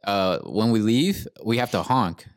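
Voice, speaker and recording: Young man, low voice, casual profane rant, dry close sound. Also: lively intonation, a little slow, no echo. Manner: profane, laid-back, says "bro" often. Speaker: podcast co-host.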